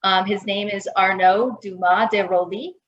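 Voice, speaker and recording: Co-moderator: courteous woman, mid pitch, uses plenty of ums, echoey lo-fi line. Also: steady tone, moderate pace. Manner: polite, with frequent ums. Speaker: attorney, co-moderator. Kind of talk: panel introductions. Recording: roomy lo-fi call audio.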